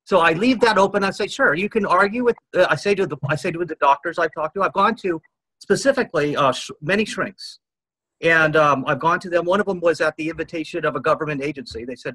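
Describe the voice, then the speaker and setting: Interview guest, fifties man, husky and dry-sounding, earnest rambling storyteller. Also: on the high side, quick pace, pushed and bright, no echo, low-quality recording. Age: 50s. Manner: earnest, rambling, quotes others.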